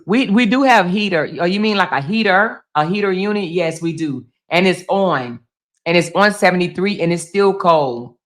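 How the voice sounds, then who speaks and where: Speaking a little slowly in a voice on the low side, a Chicago woman hosts a laid-back livestream from her home, reading and reacting to chat with emphatic chattiness. The blogger curses freely and calls viewers baby and girl.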